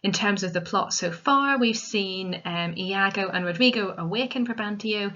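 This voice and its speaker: A woman teacher giving a recorded literature lesson, explaining step by step in a clear, methodical way. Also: mid-range voice, normal speed, bright, forceful tone. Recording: dull lo-fi recording.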